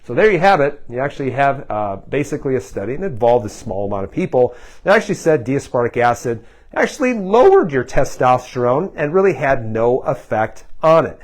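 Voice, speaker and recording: A man's voice: medium pitch, sing-song, a little fast. A man in a mid-range voice speaks to camera like a health practitioner walking his viewers through a topic. He sounds loose and conversational. His talk is full of uhs and ums, and he keeps turning to the audience with "guys" and "okay?". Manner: conversational, many fillers, addresses viewers as "guys". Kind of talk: explainer video to camera.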